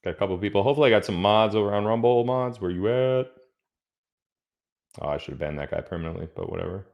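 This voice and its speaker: A man's voice: fairly low pitch, fast talker, creaky, dull audio. A man hosting a casual livestream, chatting loosely and reading out where viewers are from. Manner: chatty, reads out viewer locations. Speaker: livestream host.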